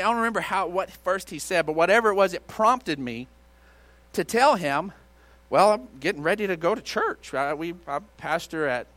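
Animated pastor telling a story. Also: male voice, high-pitched, dry recording. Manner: animated, swings from loud outbursts to hushed retelling. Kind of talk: sermon storytelling. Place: church auditorium.

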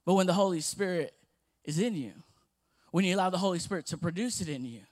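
A young man preaching a sermon, telling a family story with lively voices before moving into scripture. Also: sits high, quick pace.

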